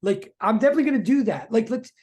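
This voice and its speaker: Physics teacher, online lecture, excitable, chatty, repetitive. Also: mid-range voice, very fast. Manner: excitable, chatty, repeats questions; talks to students in chat.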